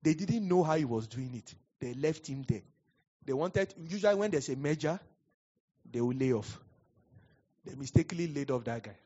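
A man with a Nigerian accent preaching a sermon, telling animated stories and laughing often. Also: fairly high pitch, moderate pace, long pauses. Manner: animated storyteller, laughs often, acts out quotes. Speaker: pastor. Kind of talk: sermon with storytelling. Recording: dull lo-fi sound.

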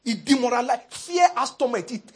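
A man preaching a sermon in an animated, humorous way, laughing often. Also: extremely high pitch, fairly quick, slightly rough. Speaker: pastor.

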